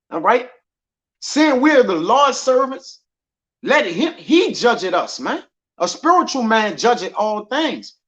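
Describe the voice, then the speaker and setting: A man's voice: high-pitched, fairly bright tone. A man teaching scripture in a loose, conversational way, often tagging his lines with "man" and "all right". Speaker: preacher. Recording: dull lo-fi audio.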